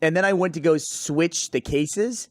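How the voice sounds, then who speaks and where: A man's voice: on the high side, a little slow, a little mellow, dry recording. Laughing man telling stories, dry sound. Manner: laughing, profane anecdote-telling. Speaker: podcast co-host. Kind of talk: casual chat.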